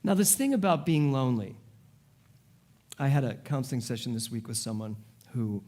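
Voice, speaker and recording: A man in his forties, a spiritual director, giving a sermon to a congregation with animated, humorous storytelling. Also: lowish voice. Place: church service before a congregation.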